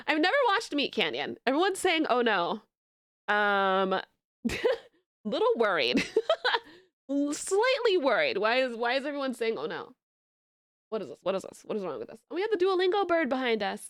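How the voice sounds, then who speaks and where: A young woman streamer talks to her chat in a high, bouncy voice. Her pitch leaps all over the place as she rants and laughs. The sound is close and dry, with no room around it. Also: big pitch swings, moderate pace, pauses often, fairly bright tone, no echo. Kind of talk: casual live-stream chat.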